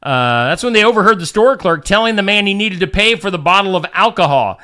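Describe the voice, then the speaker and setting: Animated bright-voiced male news host. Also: sits high, brisk, hardly any pauses, clear, resonant tone. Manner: jokey, puts on silly voices while reading. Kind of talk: casual news banter.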